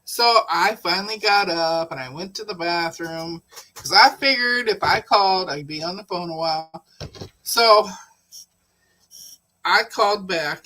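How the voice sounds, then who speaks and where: A woman's voice: on the low side, sharp tone, rough recording. A woman hosting a casual live stream, chatting and telling a personal story, laughing often. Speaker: livestream host.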